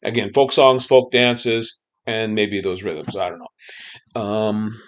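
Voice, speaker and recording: A man's voice: on the low side, steady tone, takes it slowly, a bit bright. A man lecturing a class on music history, loose and conversational, checking in with the students and humming snippets of melodies.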